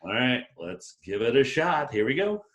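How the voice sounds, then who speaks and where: A man's voice: mid-range voice, sing-song, moderate pace. A man on a video call, playfully explaining the rules of an improv storytelling game. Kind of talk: casual video-call chat.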